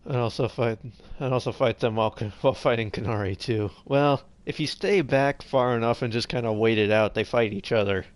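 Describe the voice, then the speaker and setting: A tired man rambles casually through a live game stream, reading the game's text aloud and trailing off mid-sentence. His mid-range voice moves fairly quickly with few pauses, and the recording has no echo.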